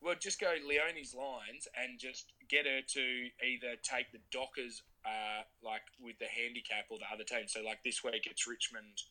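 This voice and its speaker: An Australian man in his young adult years with a very bright, forceful voice. He chats casually on a podcast and tells animated stories against himself. His delivery is lively and easygoing. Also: mid-range voice, normal speed, few pauses, poor audio. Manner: animated storyteller, laughs at himself. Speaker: podcast co-host. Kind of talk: casual chat.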